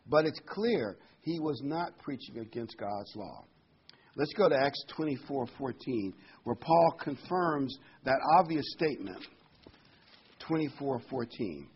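A man's voice: medium pitch, breathy edge, muffled recording. A man preaching a Bible sermon in a conversational, emphatic way, his voice rising sharply on key words.

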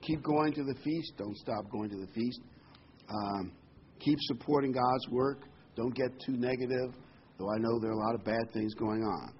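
A man's voice: medium pitch, moderate pace, lo-fi sound, slight background noise. A man preaching a sermon in a folksy way, with corny jokes and frequent ums.

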